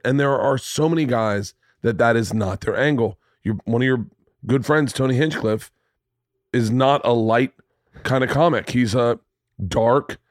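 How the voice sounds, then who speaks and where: A man's voice: medium pitch, no room sound, studio quality. A man in his thirties hosting a podcast, telling a story in casual, profane chat and acting out the lines he quotes. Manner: animated, profane storyteller who acts out quotes. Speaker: podcast host. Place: home studio room.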